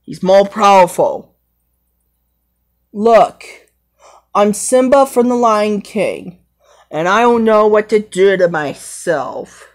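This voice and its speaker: A woman's voice: mid-range voice, slow, long pauses, voice pushed up, lightly acted. A woman voicing a brave, brooding young male lion in an amateur fan role-play, rambling and hesitant. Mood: earnest.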